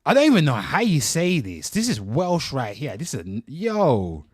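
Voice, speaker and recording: A man's voice: fairly high pitch, wildly swooping pitch, normal speed, slightly rough, no echo. An English man in his thirties hosts a casual reaction show with a voice that swings up and down. He swears freely and talks straight to his viewers. The sound is dry and close. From England. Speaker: host.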